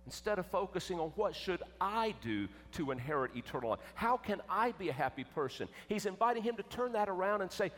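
A man preaching a sermon, emphatic, swinging between loud and hushed. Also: sits high, big pitch swings, brisk, hardly any pauses. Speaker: pastor. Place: church sanctuary. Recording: echoey church with long reverb.

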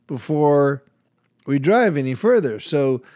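An older man with a somewhat high voice tells a story in easy, casual chat. He laughs often and jumps into different voices for the people in the story. He talks like the radio and podcast host he is. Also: expressive, slow, darkish tone, no echo, studio quality. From Latin American heritage, United States.

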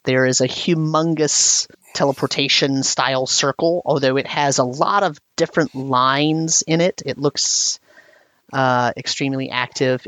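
Low-voiced woman running a tabletop game. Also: fairly bright tone, no echo. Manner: descriptive, with frequent laughs. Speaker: game master.

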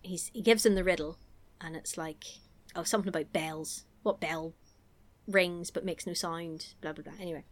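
A woman's voice: lowish voice, steady tone, moderate pace. A woman, chatting casually on a podcast as she recaps a film, giggling and acting out lines. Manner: chatty, giggly, acts out lines in silly voices. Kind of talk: casual chat.

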